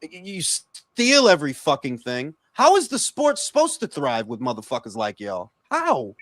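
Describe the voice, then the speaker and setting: A man hosts a boxing stream, ranting in a high, lively voice full of profane sarcasm. He trips over quick restarts as he builds steam. The sound is dry and close. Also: no echo. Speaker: podcast host. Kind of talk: heated casual boxing talk.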